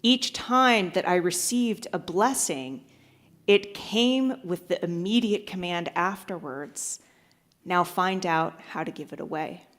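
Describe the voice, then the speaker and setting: A woman's voice: lowish voice, takes it slowly, fairly bright tone. A woman pastor giving a sermon, telling a joke with acted-out voices and then preaching. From United States. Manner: storytelling, acts out voices in a joke.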